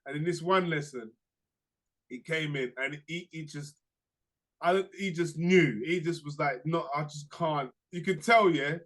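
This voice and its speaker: Animated young man, bright voice. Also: fairly high pitch, measured pace. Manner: animated storytelling, slangy, laughs through anecdotes. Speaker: podcast co-host. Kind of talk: casual chat.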